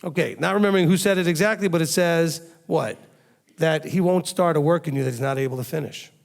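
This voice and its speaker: A rabbi preaches a sermon to his congregation, speaking emphatically and firing rhetorical questions at them. His voice is fairly high and creaky, and he talks at a quick pace.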